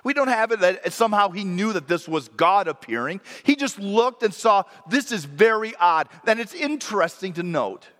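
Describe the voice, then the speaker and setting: A man's voice: high-pitched, expressive, moderate pace, hardly any pauses, a bit bright, long reverb tail. A man preaching a sermon in an earnest, reflective way, sometimes correcting himself mid-sentence.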